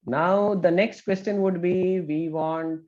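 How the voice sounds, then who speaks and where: A man teaching an online math class, talking briskly and checking in with students with a frequent "okay?". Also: high-pitched, steady tone, a little mellow, dull audio. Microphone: video call.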